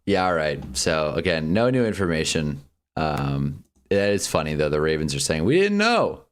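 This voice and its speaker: A man's voice: a bass voice, very animated, normal speed, smooth. A man hosting a live sports stream, ranting heatedly and swearing freely between casual asides. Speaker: streamer host. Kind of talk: livestream sports talk.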